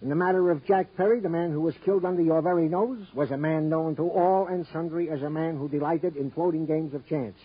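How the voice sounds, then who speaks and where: A good-natured, long-winded police sergeant. His voice sits high and a bit husky. The sound is the muffled tone of an old radio broadcast. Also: fairly even intonation, a little fast, few pauses. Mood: cheerful. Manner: folksy, wordy, good-natured. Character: chatty wordy police sergeant, good-humored. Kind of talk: 1950s radio drama acting. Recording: dull old radio recording.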